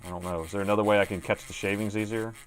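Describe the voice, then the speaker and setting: A man's voice: lowish voice, fairly even intonation, very fast. A middle-aged man doing a live repair stream, chatting casually and muttering to himself as he works at his bench. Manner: chatty, thinks aloud, mutters to himself while working. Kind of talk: casual live-stream commentary while working. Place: repair workbench indoors.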